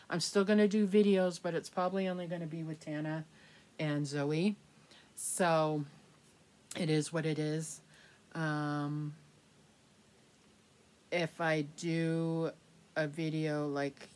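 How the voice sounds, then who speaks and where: A middle-aged woman vlogging candidly to the camera, rambling and laughing softly as she talks. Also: low voice. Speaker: reborn doll collector vlogger. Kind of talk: casual chat to camera.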